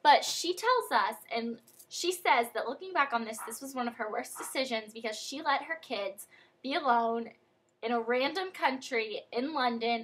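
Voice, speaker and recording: Bright, breathy young woman telling a story. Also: fairly high pitch. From United States. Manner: chatty and animated, many fillers like "like" and "um". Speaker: vlogger. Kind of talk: casual storytelling vlog.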